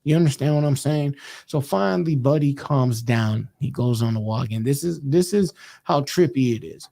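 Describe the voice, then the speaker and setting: Gravelly man telling a story with energy. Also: mid-range voice, moderate pace. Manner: animated, emphatic, slangy. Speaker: podcast co-host. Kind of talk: casual storytelling. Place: podcast studio.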